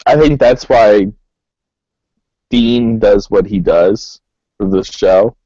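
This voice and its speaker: Deep, dark-voiced laid-back man. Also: slow pace, dry recording, dull audio. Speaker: podcast panelist. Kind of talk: casual podcast chat.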